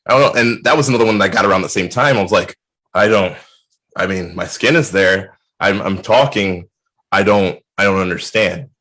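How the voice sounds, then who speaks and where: A man speaking as a guest in a casual video-call chat, earnest and animated as he acts out what other people said to him. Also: low voice. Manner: earnest, animated retellings with lively quoted voices.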